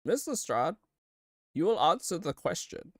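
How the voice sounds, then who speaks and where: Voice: mid-range voice, very animated, measured pace, a little hiss or hum. A streamer reading a stern, pompous older male judge in a raised, exclaiming voice. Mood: outraged. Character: stern old male judge, easily scandalized.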